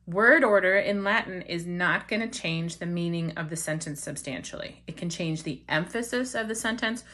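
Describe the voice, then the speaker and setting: A woman teaching a beginner Latin grammar lesson, explaining step by step, slowing down to stress key words and often checking in with "okay?". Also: fairly low pitch, bright, forceful tone.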